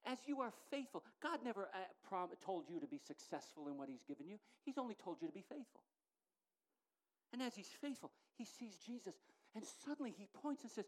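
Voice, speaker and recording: Animated woman preacher with lively pitch. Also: fairly quick. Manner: animated, emphatic, rising to loud declarations. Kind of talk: sermon.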